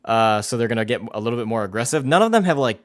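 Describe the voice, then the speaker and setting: A man narrating as game master of a tabletop role-playing game, pausing often with fillers. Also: mid-range voice, lively intonation. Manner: hesitant, lots of fillers.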